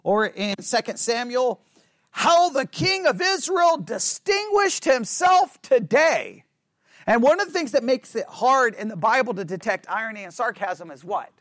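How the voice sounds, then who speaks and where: A man with a high-pitched, slightly bright voice leads a Bible study class, recorded cleanly in a studio with no echo. His style is conversational and playful; he acts out sarcastic remarks and keeps checking in with listeners by asking "right?"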